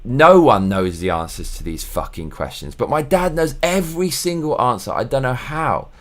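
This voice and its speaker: A man's voice: mid-range voice, very animated, normal speed, a bit bright. An English man hosting his own vlog, ranting in a profane, casual monologue. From England. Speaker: show host.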